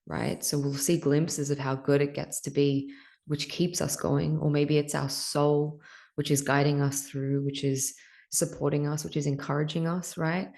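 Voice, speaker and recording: A woman's voice: low-pitched, little pitch movement, measured pace, vocal fry, darkish tone. A young adult woman hosting a podcast, talking candidly and emotionally about her spiritual path, swearing casually and laughing often. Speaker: podcast host.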